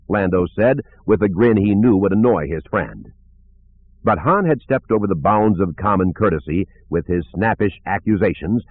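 A man reading a novel aloud as narrator, in an expressive reading style. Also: low voice, slightly rough. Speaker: audiobook narrator. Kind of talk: scripted narration. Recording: narrow phone-like sound.

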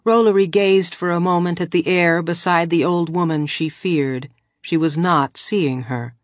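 A woman narrates a novel in a measured, even way. Her voice sits on the lower side. The recording is dry and close, with no room around it. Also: dry recording. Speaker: audiobook narrator.

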